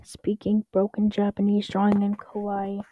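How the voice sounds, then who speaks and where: Young woman host reading internet stories aloud, casual and wry, stumbles and restarts often; mellow, flat delivery, dry close sound. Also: medium pitch, moderate pace, dry recording, lo-fi sound. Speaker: story reader.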